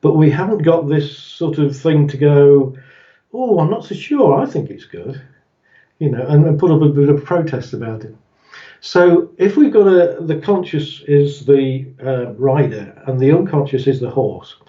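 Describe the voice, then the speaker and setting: A man talks as an interview guest, telling little stories to explain his ideas and chuckling as he goes. His voice sits fairly high but sounds mellow and soft-edged. The recording is dull and roomy, as if the mic were across the room. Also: normal speed, distant mic. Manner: chuckles often, acts out quoted voices in stories.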